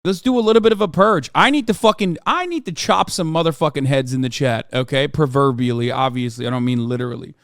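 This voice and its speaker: A man streaming live, ranting at his chat with heavy profanity and sudden bursts of yelling. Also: medium pitch, fast, few pauses, no echo, studio quality.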